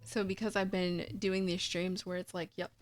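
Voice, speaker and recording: A chatty woman with a raspy, husky voice, streaming a game, talking through it casually and reading the on-screen text aloud. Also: fairly low pitch, little pitch movement, moderate pace, faint music behind. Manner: chatty, talkative.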